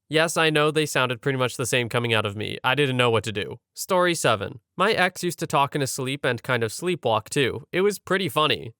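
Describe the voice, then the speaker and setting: A young male narrator reads online stories in a scripted delivery and slips into different voices for the quotes. His voice is smooth and somewhat high-pitched. The recording is close and dry. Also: a bit bright, no room sound. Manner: acts out quoted lines in shifting voices. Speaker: story reader.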